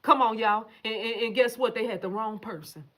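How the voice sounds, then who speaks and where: A woman's voice: on the high side, a little fast, fairly bright tone. Profane, emphatic woman ranting on a livestream. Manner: profane, emphatic, talks straight to viewers. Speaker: livestream host reading viewer comments. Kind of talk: casual livestream rant.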